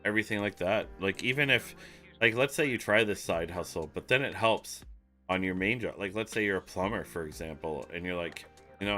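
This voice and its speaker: A man's voice: deep voice, a little fast, pushed and bright, faint music behind. A man streaming live, talking casually and rambling, with jokes and some swearing. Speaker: online marketing streamer. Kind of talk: casual livestream talk.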